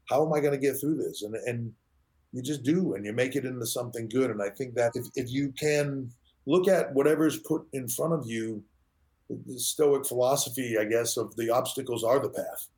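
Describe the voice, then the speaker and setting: A man's voice: medium pitch, normal speed. Storytelling middle-aged man as podcast guest. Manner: animated storyteller acting out quoted dialogue. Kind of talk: conversational storytelling in an interview.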